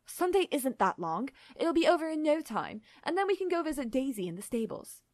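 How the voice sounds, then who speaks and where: A woman reading as a gentle British dad. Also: high-pitched, big pitch swings, brisk, no room sound, voice pushed up. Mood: coaxing. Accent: put-on British. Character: fond British father, gentle and patient.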